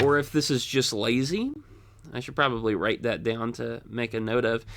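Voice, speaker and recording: A man preaching a sermon, reading scripture aloud and then explaining it in a conversational way with asides. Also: mid-range voice. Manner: lively reading, voicing God and Moses in quotes.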